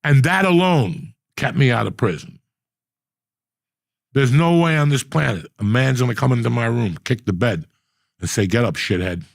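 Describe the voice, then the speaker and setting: A man's voice: mid-range voice, lively intonation, moderate pace, pauses often, no echo, studio quality. A middle-aged man hosting a casual chat, telling blunt, profane stories in a rambling way. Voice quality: gravelly, husky. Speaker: podcast host.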